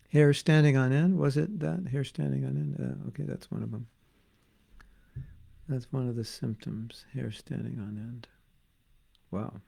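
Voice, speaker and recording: Older guy w/ gravelly dark voice, chatty spiritual class, jokes around. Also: medium pitch. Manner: joking, conversational, reads viewer comments aloud. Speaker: spiritual teacher. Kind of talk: informal online class.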